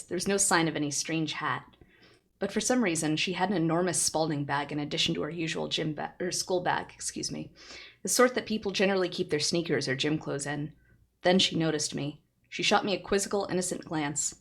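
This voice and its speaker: Lowish-voiced girl streamer reading a novel out loud, chatty, laughs a lot. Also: gravelly. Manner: chatty, laughs often, answers chat.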